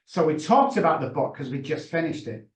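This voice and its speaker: A man's voice: fairly high pitch, big pitch swings, a little fast. A middle-aged man, a guest on a video call, telling his story with passion and emphasis. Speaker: guest, addiction consultant. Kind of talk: emotional storytelling. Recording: roomy echo.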